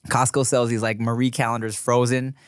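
A man's voice: medium pitch, flat delivery, brisk, no room sound, studio quality. A man co-hosting a podcast in casual chat, laid-back and slangy, laughing often. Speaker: podcast co-host.

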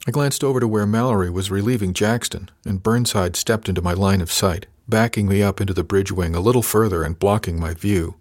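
A man narrating his own novel as an audiobook, in a measured, even storytelling manner. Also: fairly low pitch, dry recording, studio quality. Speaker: author and narrator.

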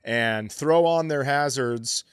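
A man's voice: medium pitch, slow, clean tone, no echo, studio quality. A middle-aged man co-hosting a podcast, telling a story casually, with profanity and quoted voices. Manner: animated, profane, acts out quotes in raised voice. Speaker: podcast co-host.

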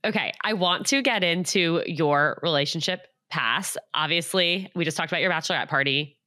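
A woman's voice: on the low side, normal speed, sharp tone, dry recording, clean studio sound. A woman hosting a podcast in casual chat, talking in a chatty way with lots of 'like'. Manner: chatty, uses 'like' a lot. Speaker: podcast host.

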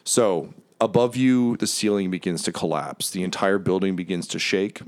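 Male game master, lower voice, loose and improvised narration. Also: moderate pace. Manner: loose, rambling, full of fillers.

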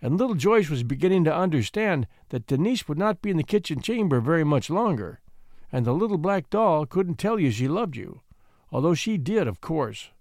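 A man narrating a classic storybook in an expressive, gently measured way. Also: fairly high pitch, no room sound, clean studio sound.

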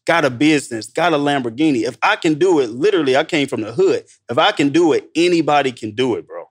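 A man talking as a podcast guest, casual and animated, peppering his talk with "bro" and "man". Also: a little high, fast, slightly rough. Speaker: guest, entrepreneur. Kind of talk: casual conversational storytelling.

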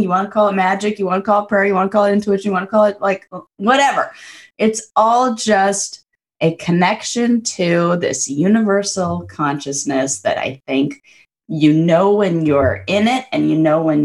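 A young adult woman chatting as a guest, bubbly and effusive, with lots of fillers. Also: mid-range voice. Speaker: podcast guest. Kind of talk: casual chat.

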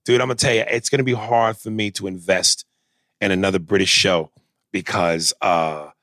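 A man's voice: sits low, moderate pace, no room sound. A man hosting a podcast, arguing animatedly and reading out listener messages in casual chat. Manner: animated, argumentative, reads listener messages aloud. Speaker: podcast host.

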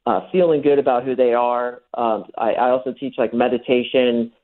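A man with a steady, mid-range voice and a moderate pace is interviewed on the radio about his dating-coach methods. He explains the techniques and acts out the lines he uses, all through thin phone-line audio.

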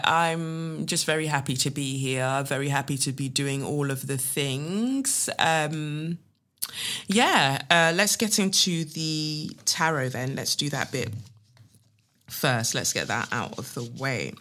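A woman's voice: low-pitched, expressive, slow pace, bright, forceful tone. A woman hosts a casual podcast from her living room, chatting playfully and reading tarot with spiritual asides. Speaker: podcast host.

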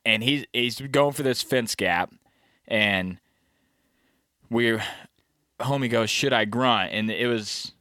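Slangy, animated man telling a hunting story. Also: medium pitch, slow, pauses often, no room sound, studio quality. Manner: animated storyteller, acts out the deer's thoughts; slangy, peppered with "you know what I mean". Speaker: bowhunter recounting a hunt. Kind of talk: casual chat.

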